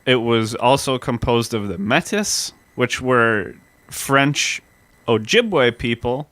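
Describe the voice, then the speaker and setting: Bright, clear-voiced male podcast host. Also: mid-range voice, expressive, slow. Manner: explains history step by step in a storytelling way. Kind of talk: casual history podcast chat.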